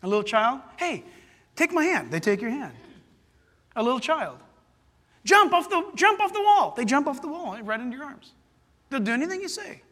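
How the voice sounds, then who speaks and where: A man preaching a sermon as pastor, telling stories in an animated way with loud excited bursts. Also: high voice, husky, in a large hall.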